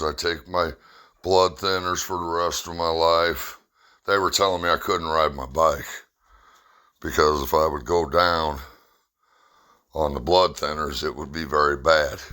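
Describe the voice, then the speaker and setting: A man's voice: rumbling low, sharp tone. A middle-aged man telling a personal story in a plainspoken, rambling way with blunt humor.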